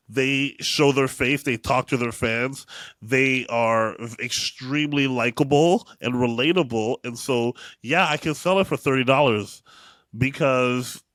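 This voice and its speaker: A man hosting a podcast, talking in a relaxed, conversational way with jokey asides. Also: mid-range voice, measured pace, no room sound. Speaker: podcast host. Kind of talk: casual chat.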